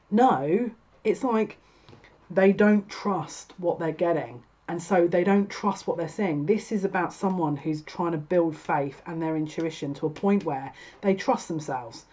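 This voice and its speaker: A fairly low-voiced woman talks through a tarot reading in a chatty, exasperated way, often laughing at her own asides. The audio is a little dull and lo-fi. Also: moderate pace, warm tone. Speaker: tarot reader.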